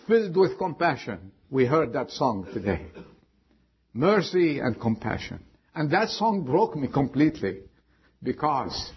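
Slow, husky preacher man with soaring pitch. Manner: emphatic preaching with long dramatic pauses. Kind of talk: sermon. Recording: dull lo-fi sound.

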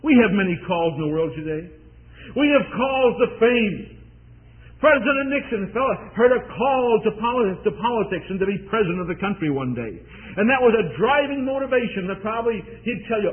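A man preaching a sermon, swinging from loud declaring to hushed pleading. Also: very high-pitched, expressive, brisk. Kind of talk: revival-style sermon. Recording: tinny lo-fi phone-like sound.

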